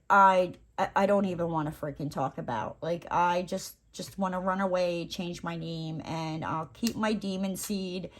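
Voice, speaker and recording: A woman's voice: on the low side, a little hiss or hum. A woman vlogger chatting casually while she crafts, rambling with lots of fillers and playful asides.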